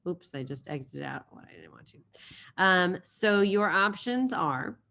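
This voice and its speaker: A woman's voice: lowish voice, expressive, unhurried, creaky, pushed and bright. Chatty woman teaching a lesson. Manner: chatty, storytelling with silly voices and repetition. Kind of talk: recorded online class lesson.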